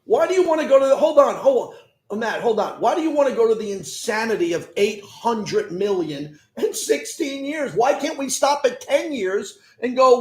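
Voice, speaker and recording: A man's voice: very high voice, expressive, a little fast, roomy sound, rough recording. A man hosting sports talk radio, arguing with callers and firing off rhetorical questions. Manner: combative, fires rhetorical questions.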